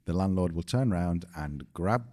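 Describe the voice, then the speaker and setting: A man's voice: sits low, expressive, normal speed, darkish tone. A British man co-hosting a podcast in casual chat, explaining things with dry jokes. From Britain. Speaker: podcast co-host.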